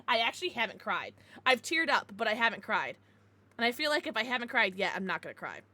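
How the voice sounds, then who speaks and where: A woman streamer with a fairly high, bright, sharp voice that swings widely in pitch. She chats casually with her viewers, excitable and quick to swear. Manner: laughs and gasps often. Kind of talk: casual livestream chat with viewers.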